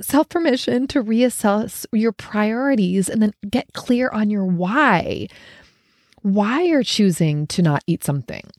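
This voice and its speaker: A woman's voice: medium pitch, darkish tone, no room sound, clean studio sound. A woman hosting a solo podcast, talking in a reflective, conversational way with many fillers. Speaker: podcast host. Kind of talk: casual solo podcast talk.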